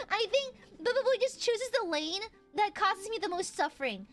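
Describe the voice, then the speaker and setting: A woman streamer chatting casually with her audience, excitable and profane, often shouting and laughing. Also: very high-pitched, unhurried, soft background music. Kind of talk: casual live-stream chat.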